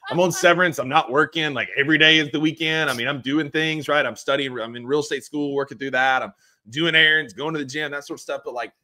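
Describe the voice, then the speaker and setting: A young man co-hosting a podcast in casual chat, an animated storyteller who keeps saying "like". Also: fairly high pitch, fast talker. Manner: animated storyteller, repeats "like" often. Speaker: podcast co-host.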